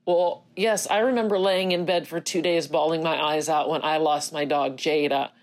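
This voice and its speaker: A middle-aged woman speaking earnestly as a grieving mother to others who have lost children, halting and close to tears, with many pauses and fillers. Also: sits low, steady tone. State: emotional, near tears. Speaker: bereaved mother addressing grieving parents. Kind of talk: personal video message.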